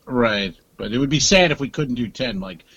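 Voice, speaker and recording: A man's voice: mid-range voice, animated, moderate pace, fairly bright tone, slightly rough, no echo, dull audio. A man co-hosting a comedy podcast in casual chat, rambling and hesitant, acting out little exchanges. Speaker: podcast co-host.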